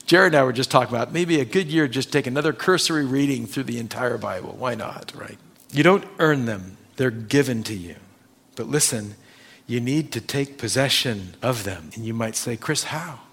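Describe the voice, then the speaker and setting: A man preaching a sermon, quoting scripture with emphatic stresses that drop to quiet endings. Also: medium pitch, normal speed, breathy edge. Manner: emphatic, swings between loud stresses and quiet drops; quotes scripture and stresses single words. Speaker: pastor.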